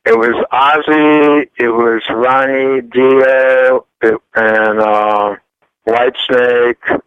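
A man's voice: medium pitch, fairly even intonation, extremely slow, clean tone, dry recording. Rambling man from France, dull audio. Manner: rambling, repeats words while storytelling. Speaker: guest musician. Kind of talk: casual radio interview.

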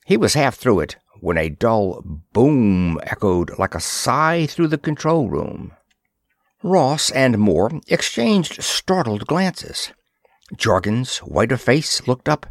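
Man reading an old sci-fi story aloud, animated voice, very dry close mic. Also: on the low side, no echo. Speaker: audiobook narrator. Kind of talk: scripted narration.

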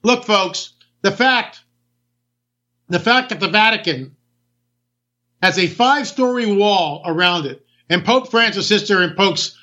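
A man's voice: high voice, animated, unhurried, long pauses, pushed and bright, muffled recording. A man hosting a political talk show, ranting emphatically and firing off rhetorical questions. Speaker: talk radio host.

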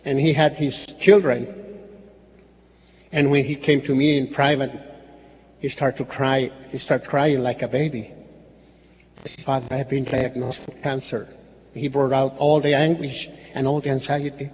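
Earnest priest preaching in a reverberant church. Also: male voice, mid-range voice, level tone, a little slow, long pauses, a little mellow. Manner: earnest, repetitive, with slips and restarts. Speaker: Catholic priest. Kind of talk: sermon. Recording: faint hall reverb with background noise.

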